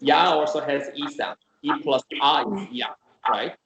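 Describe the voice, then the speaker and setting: A man teaching Korean in an online class, explaining slowly and patiently and repeating example sounds. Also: a little high, vocal fry. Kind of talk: online language lesson. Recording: echoey room with faint noise.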